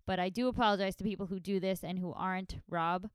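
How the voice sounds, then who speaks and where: A woman's voice: medium pitch, fairly even intonation, quick pace, clean tone, dry recording, studio quality. A woman hosting a casual solo podcast, sounding nasal from allergies, rambling in a chatty, self-deprecating way. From New York. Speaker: podcast host.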